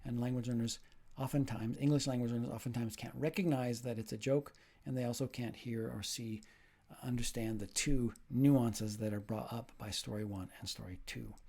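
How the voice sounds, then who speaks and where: A man's voice: medium pitch, fairly even intonation, normal speed, vocal fry, a little mellow. Man giving an explanatory lecture. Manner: explanatory, asks the listener questions; demonstrates sounds and rhythm drills. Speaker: teacher. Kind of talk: recorded lecture for teachers.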